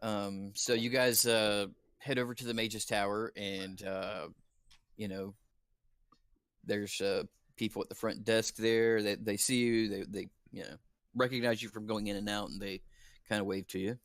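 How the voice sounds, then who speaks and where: Halting male dungeon master. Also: on the low side, fairly even intonation, fairly bright tone, no echo, clean studio sound. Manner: halting, many fillers. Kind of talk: improvised game narration.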